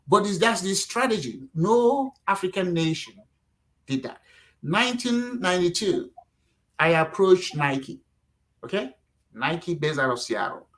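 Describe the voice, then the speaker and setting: A middle-aged man from Nigeria, talking casually as a guest, animated and acting out quotes, with lots of "you know". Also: high voice, unhurried, rough recording. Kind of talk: casual interview talk.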